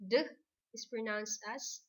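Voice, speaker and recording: A woman teacher with a Filipino English accent, dictating a recorded lesson slowly and deliberately. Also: on the high side, little pitch movement.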